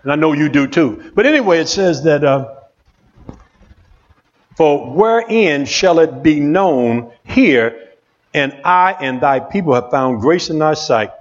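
A male pastor preaching a sermon in an excitable call-and-response manner, in a church. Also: fairly high pitch, slow pace, dull audio.

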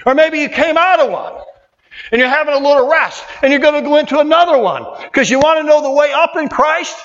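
Male preacher, high voice, fervent, colloquial, repeats lines, long hall echo, muffled sound. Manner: fervent, repetitive, colloquial preaching with sudden shouts. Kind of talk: sermon.

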